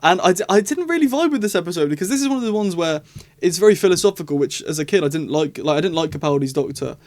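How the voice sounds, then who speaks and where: A man's voice: fairly high pitch, darkish tone. Enthusiastic young man rambling. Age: young adult. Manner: enthusiastic, rambling, frequent restarts. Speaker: video reviewer. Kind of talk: casual review ramble.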